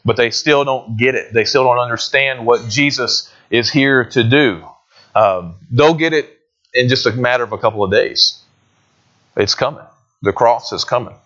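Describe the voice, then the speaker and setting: A man's voice: medium pitch, a bit bright, dull audio. A man preaching a sermon in a conversational way, often asking his listeners questions. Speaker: pastor.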